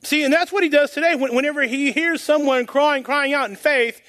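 High-voiced folksy man preaching. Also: brisk, sharp tone. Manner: rambling, folksy, chuckles at own jokes. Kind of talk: informal sermon.

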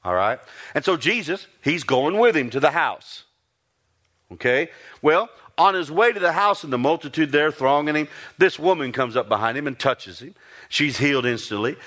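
A man preaching a sermon, retelling scripture stories in a folksy, animated way, often repeating and restarting his phrases. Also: mid-range voice. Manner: animated storytelling, rising to emphatic peaks.

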